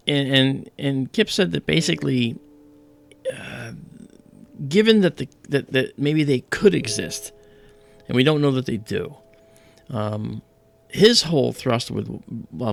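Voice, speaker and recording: Gravelly-voiced man explaining astronomy. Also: mid-range voice. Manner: rambling, many fillers and restarts. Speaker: astronomy livestream host. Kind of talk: casual live explanation.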